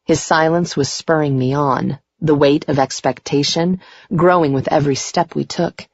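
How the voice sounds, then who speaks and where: A woman narrating a first-person romance audiobook in a steady, unhurried reading voice. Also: deep voice, slightly rough, dry recording. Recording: dry, dull muffled recording.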